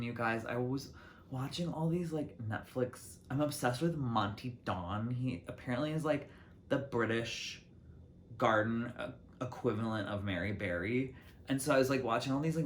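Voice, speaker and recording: A young man hosting his own solo talk show, rambling casually to the camera from his city apartment with lots of fillers and restarts. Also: a little hiss or hum. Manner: chatty, lots of "like" and restarts, lively swings in pitch and loudness. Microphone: camera mic.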